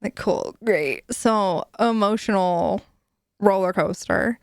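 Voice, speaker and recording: A woman's voice: on the high side, animated, measured pace, no room sound, clean studio sound. A woman streamer chatting casually with her viewers, giggly and playful, with casual swearing.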